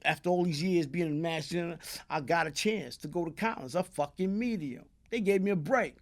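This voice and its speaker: A man's voice: fairly high pitch, fairly quick. A man from Brooklyn with a New York accent, telling a long, profane, streetwise story as an interview guest. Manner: streetwise, profane, tag questions like "you heard?". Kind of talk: casual storytelling.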